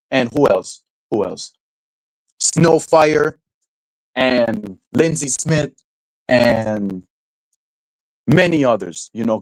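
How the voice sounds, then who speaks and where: Streaming live, this man rambles through a rant full of repeated words and fillers such as "like" and "you know," with casual swearing and frequent laughter. His pitch is medium, and the rough recording has no echo.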